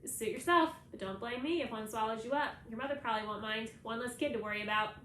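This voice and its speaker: A woman's voice: on the high side, quick pace, fairly bright tone, slight background noise, natural voice. A woman reading aloud voices a father who teases his son and then stays firm, in an echoey room. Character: Ben's father, teasing and firm.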